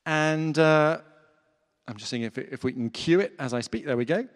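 A man's voice: on the high side, normal speed. A man preaching a sermon in an earnest, conversational way, with fillers, in a church hall.

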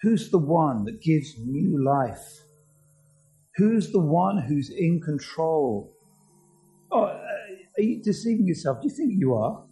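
A man's voice: a little high, big pitch swings, takes it slowly, mellow, faint music behind, poor audio. A man preaching a sermon, earnest and asking his listeners many questions.

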